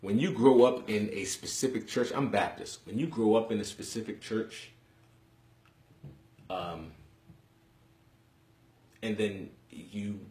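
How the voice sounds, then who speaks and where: A man's voice: lowish voice, takes it slowly, pauses often, a little mellow. A young man from Harlem, hosting a live webcast from home and chatting bluntly with viewers in slang. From Harlem, New York City. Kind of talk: casual live-stream chat. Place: room in his home. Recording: echoey room.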